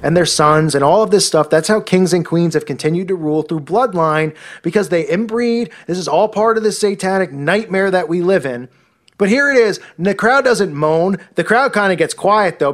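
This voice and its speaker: A man's voice: high voice, animated, brisk. A man delivering an indignant, preachy rant full of rhetorical questions, played as a clip. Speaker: talk show host. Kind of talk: ranting monologue, played clip.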